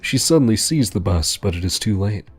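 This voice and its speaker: A man narrating a story in a dry, deadpan delivery. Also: fairly low pitch, brisk, husky, faint music behind.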